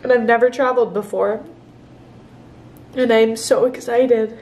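In an emotional confessional vlog, a 21-year-old woman opens up candidly, sometimes near tears, filmed first outside and then inside on a nearby camera. She speaks unhurriedly in a voice on the high side, steady and darkish in tone.

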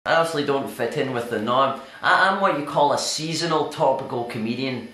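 An actor playing a self-important, deluded male stand-up comedian, boastful and halting with fillers, recorded in an echoey venue. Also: medium pitch, sharp tone, natural voice. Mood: pompous. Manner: pompous and boastful, hesitant with fillers. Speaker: interviewee in a sketch.

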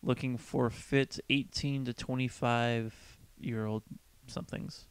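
A man's voice: mid-range voice, fairly even intonation, takes it slowly, vocal fry, clean tone, dry recording. A man co-hosting a casual podcast, rambling through stories, swearing freely and acting out quotes. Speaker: podcast co-host. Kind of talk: casual chat. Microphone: studio microphone.

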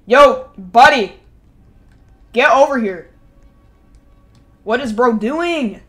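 A woman live-streaming a game, talking to her chat and yelling at game characters. She swings between shouting and muttering and repeats the same phrases over and over. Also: a little high, expressive, measured pace, long pauses, soft background music. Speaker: gaming streamer.

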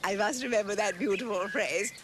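A woman's voice: mid-range voice, a little fast, a little hiss or hum, close to an everyday voice. An actress playing a prim, scheming English spinster who lets her house, gossiping in an arch, falsely sweet way. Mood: catty, sweet. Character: prim scheming spinster landlady, middle-aged. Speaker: village hostess letting her house. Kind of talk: period television drama.

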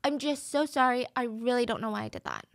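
A woman's voice: fairly high pitch, wildly swooping pitch, fast, no echo. A woman voicing a remorseful adopted teen girl who pleads and apologizes in a rush, on a dry recording. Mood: pleading.

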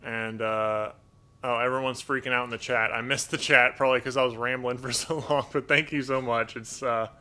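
A man hosting a live stream from home, reading out donations in a rambling, halting way, full of fillers and restarts, grateful and thinking aloud. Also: medium pitch, steady tone, pushed and bright, smooth. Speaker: livestream host reading donations. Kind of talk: casual live-stream chat. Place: home with pet toucans.

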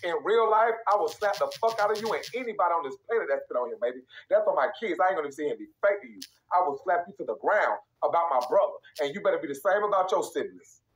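A man's voice: on the high side, lively intonation, fast, few pauses, rough recording. A young man, ranting heatedly on a live stream, profane, repetitive and emphatic.

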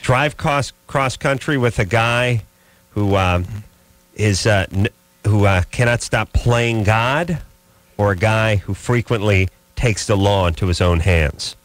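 A man's voice: lowish voice, slow pace, dry recording. A man co-hosting a late-night call-in radio show, joking in a wry, offhand way.

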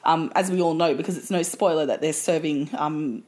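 A woman's voice: sits low, fairly quick. Laughing Australian woman co-host. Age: 30s. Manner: lively, laughing, swears casually. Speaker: podcast co-host. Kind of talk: casual chat.

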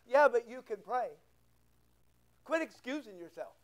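A man's voice: extremely high pitch, expressive, unhurried. A man preaching a sermon as pastor, emphatic and rhetorical, repeating his phrases.

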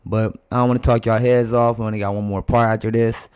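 A man's voice: medium pitch, little pitch movement, fast talker, a little mellow, clear, resonant tone. A man hosting a reaction video, chatting casually and laid-back to his viewers.

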